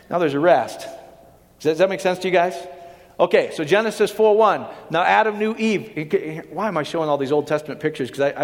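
Male preacher, slightly high voice, conversational sermon delivery, long hall reverb. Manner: conversational, checks in with the audience.

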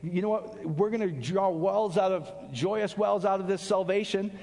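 A man preaching a casual sermon to a small group in an animated, conversational way, with jokes and asides. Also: high-pitched, moderate pace, gravelly. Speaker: pastor. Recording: long hall reverb.

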